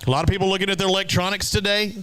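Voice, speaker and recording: Bright, high-voiced male weigh-in emcee. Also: fairly even intonation, very fast, clean tone, poor audio. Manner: upbeat, teasing banter with anglers. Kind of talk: live event emceeing. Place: outdoor lakeside weigh-in stage.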